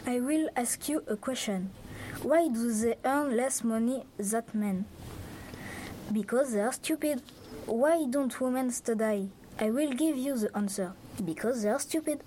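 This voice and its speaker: A woman's voice: a little high, measured pace, warm tone, a little hiss or hum, natural voice. A young woman playing a scornful male laundry owner in a school role-play of a radio debate, with blunt, dismissive, stiffly phrased lines. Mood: mocking. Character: scornful male laundry owner arguing against women voting.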